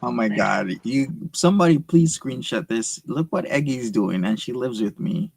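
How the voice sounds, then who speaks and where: Male streamer, mid-pitched, mocking banter over a clip. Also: lively intonation, moderate pace, creaky, darkish tone, slightly rough. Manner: teasing, mocking banter with chat. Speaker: stream host reacting to a clip. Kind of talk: casual commentary.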